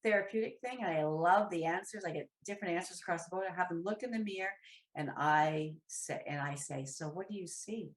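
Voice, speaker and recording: A woman guest on a podcast, chatting in a lively, rambling way with restarts and side remarks. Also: on the low side, a little fast. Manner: animated, rambling, with restarts and asides. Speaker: podcast guest, professional dominatrix. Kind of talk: casual chat. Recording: roomy echo.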